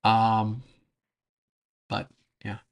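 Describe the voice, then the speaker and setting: A man chatting casually on a livestream, answering chat, rambling and often pausing to search for words, with frequent laughs. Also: lowish voice, monotone, creaky, highs cut off. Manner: laughs between phrases. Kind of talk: casual livestream chat over travel footage.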